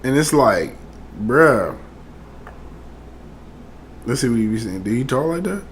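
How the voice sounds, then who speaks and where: A man's voice: mid-range voice, expressive, unhurried, slight background noise. A man casually reacting to online clips in a slangy, amused, laid-back way.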